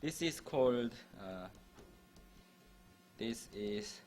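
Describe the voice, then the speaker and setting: Male university lecturer, mid-pitched voice, patient and repetitive classroom explaining. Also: lively intonation, very slow, a little mellow, slight background noise. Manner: repeats and restarts phrases while explaining.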